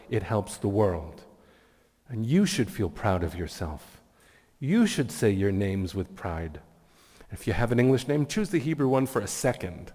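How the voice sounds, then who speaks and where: At a community event hall, a guest speaker with a mid-range, darkish voice gives a heartfelt, inspirational talk woven with personal stories. His earnest storytelling carries a big-room sound.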